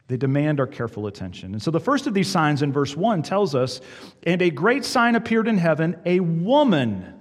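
A man preaching a sermon as pastor, asking the congregation rhetorical questions. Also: fairly high pitch. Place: church sanctuary. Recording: long reverb of a church hall.

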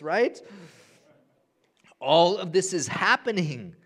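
A man in his thirties, a pastor preaching a sermon with animated storytelling that swings between hushed and loud. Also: fairly high pitch, moderate pace. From Honduras.

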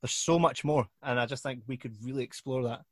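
A man hosting a casual interview over a video call, asking rambling, halting questions in a friendly way. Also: medium pitch, husky, dry recording, clean studio sound. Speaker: podcast host.

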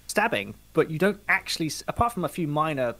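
Fairly high-voiced man, chatty and dry. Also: sing-song, quick pace, pushed and bright, no echo. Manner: chatty, slips into mimicking people. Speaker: podcast co-host. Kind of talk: casual film chat.

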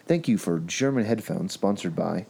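A man's voice: deep voice, moderate pace, creaky, breathy edge. A young man on a podcast, telling a story in casual chat and acting out what other people said. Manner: animated storyteller, acts out other people's lines. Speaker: podcast host.

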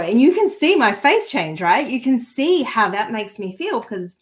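A woman spiritual healer talks on a podcast in a relaxed, conversational way. She is earnest and heartfelt, and easily moved by what she says. She often restarts her sentences and slips in asides. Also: fairly high pitch, normal speed. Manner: chatty, with frequent restarts and asides. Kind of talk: casual conversational chat.

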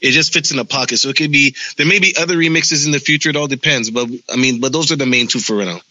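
Musician guy talking fast, keeps restarting, bright voice, dry mic. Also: mid-range voice, no room sound. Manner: quick talker who restarts his words. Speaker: musician guest. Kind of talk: casual interview chat.

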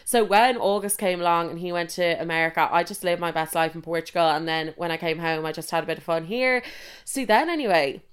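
Young woman, Irish accent, casual storyteller, sweary, chatty, lowish voice. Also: brisk, clear, resonant tone. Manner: chatty, swears a lot, constant "like".

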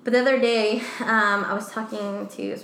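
Young woman, mother, casual chat, animated storytelling, roomy echo, light hiss. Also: a little high, moderate pace. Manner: animated storyteller, acts out quoted dialogue. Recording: echoey room, faint background noise.

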